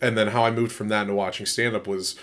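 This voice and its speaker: A man's voice: lowish voice, steady tone, quick pace, fairly bright tone. A man hosting a comedy podcast, easygoing and chatty, asking open questions and nodding along with "yeah.". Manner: easygoing, asks open questions, lots of backchannel. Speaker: podcast host. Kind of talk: casual podcast chat.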